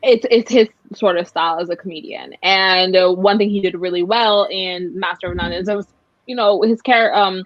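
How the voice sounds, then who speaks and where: A woman guest in a casual discussion, animated and quick to restart her sentences. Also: mid-range voice, no room sound. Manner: animated, restarts often, laughs between points. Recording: dull, dry lo-fi sound.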